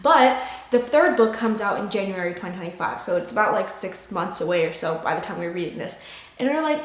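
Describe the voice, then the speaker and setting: A young woman talking through her reactions to a fantasy book in a dramatic, expressive way, swearing freely. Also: mid-range voice, fairly quick. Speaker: book vlogger. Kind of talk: casual reaction vlog. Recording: roomy echo with background music.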